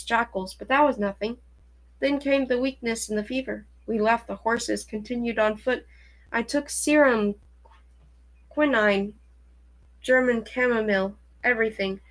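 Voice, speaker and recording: A woman reading aloud as an old male professor, recounting his journey in a measured, slightly raised storytelling tone. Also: fairly high pitch, natural voice.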